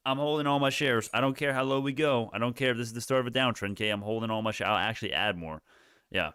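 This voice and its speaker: A man hosts a live market stream, talking through price moves as they happen. He rambles, restarts sentences and swears casually. His voice is smooth and clear, with a dry, close sound and no room echo. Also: mid-range voice, fast, bright, forceful tone. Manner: rambling, self-correcting, profane. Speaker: livestream stock market host.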